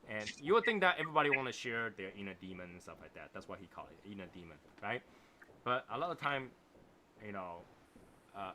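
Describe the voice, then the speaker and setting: A man hosting a relaxed livestream chat in English with a non-native accent. His voice has a bright, forward ring, and he talks in a rambling, reflective way, often checking in with "right?". Faint room noise sits behind him. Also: lowish voice. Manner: reflective, rambling, repeats phrases and asks "right?". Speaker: host of a cigar livestream. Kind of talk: casual chat reading viewer comments.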